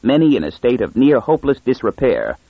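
A man narrating an audiobook in a measured storytelling manner. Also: mid-range voice, huge pitch swings, gravelly, slightly rough, dry recording, phone-quality sound. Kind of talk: scripted narration.

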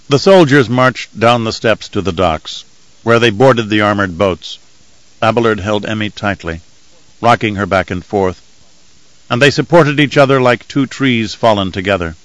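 A man narrating an audiobook in a steady, measured storytelling manner. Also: fairly low pitch, no echo, low-quality recording. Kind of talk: scripted narration.

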